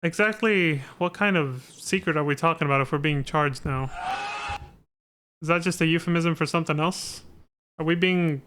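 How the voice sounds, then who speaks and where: A man's voice: on the high side, moderate pace. A man streaming a video game live, giving irreverent, joking commentary with plenty of swearing. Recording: loud game music behind.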